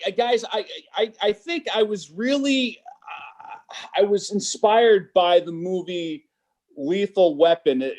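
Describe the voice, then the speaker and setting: A man doing a stand-up set over a video call, halting and stammering, full of fillers. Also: sits high, darkish tone. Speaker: stand-up comedian. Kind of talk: stand-up set on a virtual show. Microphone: computer mic on a video call.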